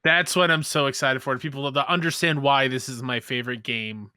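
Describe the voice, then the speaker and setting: A young man co-hosting a casual podcast, gushing with excitement in quick bursts. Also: mid-range voice, clear, resonant tone, dry recording, clean studio sound. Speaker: podcast co-host.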